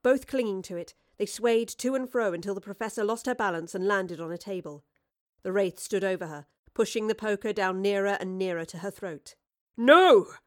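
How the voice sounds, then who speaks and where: A woman reading a storybook aloud with brisk, lively narration. Her pitch sits in a middling range.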